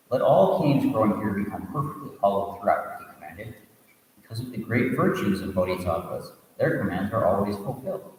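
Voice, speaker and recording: A low-voiced man reads a teaching story as a sermon, breaking off for asides and restarting lines. His voice comes from a distant mic in a room full of long, echoing reverb. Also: a little mellow. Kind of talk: storytelling sermon reading a Buddhist tale.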